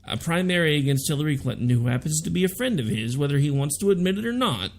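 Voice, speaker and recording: A man's voice: fairly high pitch, expressive, fast talker. A man hosting a political talk radio show, delivering a sarcastic, ranting monologue.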